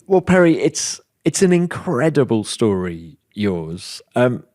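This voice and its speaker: Mellow-voiced man podcast interviewer. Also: mid-range voice, very animated, slow pace. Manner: concise, prompting questions. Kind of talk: interview questions.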